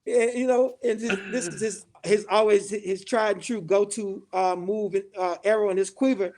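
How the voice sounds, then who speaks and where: A middle-aged man from Chicago, a guest in a podcast studio, telling a story in a loose, animated way and swearing freely. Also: high voice, moderate pace, a little hiss or hum. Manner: animated, acts out quoted dialogue, swears freely. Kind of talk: casual storytelling in a podcast interview.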